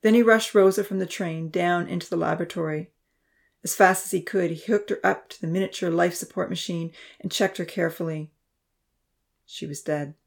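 A woman narrating a novel in a steady, measured reading voice. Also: fairly low pitch, vocal fry. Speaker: audiobook narrator. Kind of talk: scripted narration.

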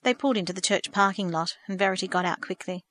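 A woman narrating a storybook in a steady, measured reading. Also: mid-range voice, no room sound.

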